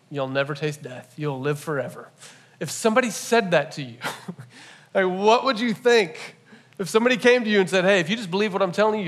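A man preaching a sermon in a relaxed, conversational way, raising his voice to stress his points. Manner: rises in pitch and volume to stress points. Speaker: pastor. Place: church.

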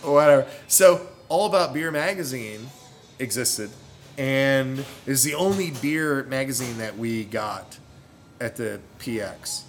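A middle-aged man tells a story in loose podcast chat. He laughs easily and circles back to fix his details as he goes. His voice sits at an ordinary pitch, and faint music plays behind him. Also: takes it slowly. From United States. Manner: rambling and animated, self-correcting, laughs a lot.

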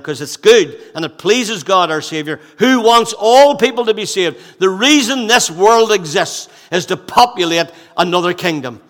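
A man's voice: medium pitch, a bit bright, big-room sound. A male pastor preaching a sermon with impassioned delivery and repeated rhetorical questions.

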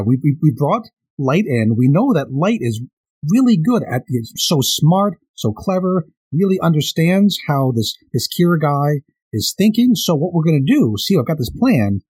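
Male co-host, husky tone, lively pitch, playful sarcastic retellings, casual manga chat. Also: moderate pace, no echo. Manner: playful, paraphrases characters with sarcastic asides. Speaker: podcast co-host.

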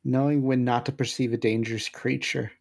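A woman with a strikingly deep voice, dropping dry, deadpan one-liners at a tabletop session. Her humor lands flat and understated. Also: fairly quick, creaky, husky. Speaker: player. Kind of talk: casual tabletop game chat.

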